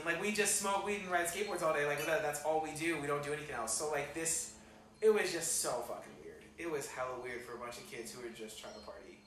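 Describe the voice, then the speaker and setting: Young man telling a story in an echoey room. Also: fairly high pitch. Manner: animated, swearing, filler-heavy slang. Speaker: podcast co-host. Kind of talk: casual storytelling chat. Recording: echoey room, distant mic, faint noise.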